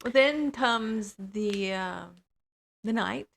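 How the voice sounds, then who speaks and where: A woman's voice: mid-range voice, extremely slow, creaky. A middle-aged woman co-hosting a casual chat, chiming in and adding details to the story. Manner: chimes in, adds details. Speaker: co-host.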